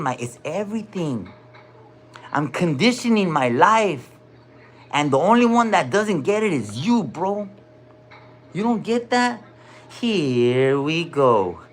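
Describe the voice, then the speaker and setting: Profane rapper ranting live. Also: male voice, sits high, a bit bright, a little hiss or hum. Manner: profane, rhyming verses between defiant rants. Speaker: livestreamer and rapper. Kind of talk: live rap and rant.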